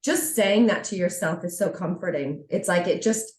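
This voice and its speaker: A woman's voice: on the low side, moderate pace, darkish tone. A woman co-hosting a podcast, reflecting in casual chat and searching for her words. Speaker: podcast co-host. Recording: roomy sound from a distance.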